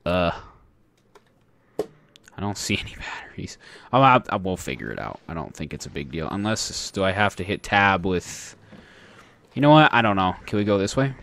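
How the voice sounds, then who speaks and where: A man gives let's play commentary on a horror game, his pitch jumping around a lot as he reacts. He is chatty and often speaks straight to the characters on screen. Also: very animated, normal speed, creaky, long pauses, fairly bright tone, a little hiss or hum. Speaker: gaming channel host.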